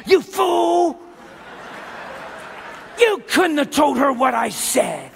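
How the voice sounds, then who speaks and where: Scornful devil chief berating his minion, as a preacher acts him out; loud, gravelly. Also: very high-pitched, sing-song, extremely slow, slight background noise, heavily acted. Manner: scolding, contemptuous. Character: scornful male devil, the imp's boss.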